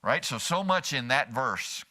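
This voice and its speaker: A man's voice: mid-range voice, expressive, a little slow, pushed and bright. A man as pastor preaching a sermon in church, asking the congregation rhetorical questions and slipping in humor.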